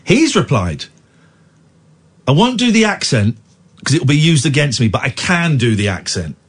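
Male late-night radio host, husky and animated, indignant ranting. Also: medium pitch, moderate pace.

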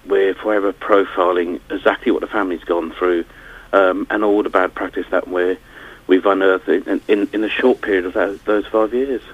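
A man who campaigns for his family, speaking haltingly in a radio interview, with many fillers and restarts. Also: on the low side, slightly rough. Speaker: campaigner and bereaved family member. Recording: tinny phone line.

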